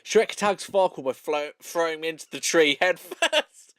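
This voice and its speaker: A man's voice: fairly high pitch, lively intonation, normal speed, a bit bright, no echo, clean studio sound. A man as guest on a comedy reading show, reacting with laughter and exasperation. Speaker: guest co-reader. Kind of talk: comedic read-along.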